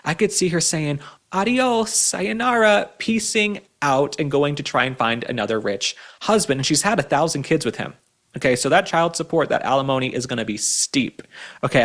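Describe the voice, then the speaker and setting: A man in the middle range of pitch hosts a pop culture commentary show. He gives his opinions emphatically and keeps driving his points home with "okay?". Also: lively intonation, quick pace. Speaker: host.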